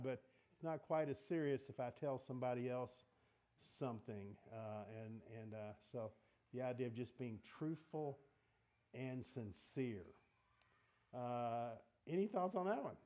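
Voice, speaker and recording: A man's voice: fairly high pitch, measured pace, dark tone. A man teaching a casual Bible study in a church meeting room, talking in a conversational way and asking the group questions.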